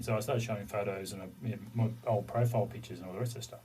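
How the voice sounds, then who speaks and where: A man's voice: fairly low pitch, fairly even intonation, rapid-fire, mellow, distant mic, slight background noise, poor audio. A middle-aged man, a podcast co-host, telling a rambling story in casual chat and swearing loosely now and then.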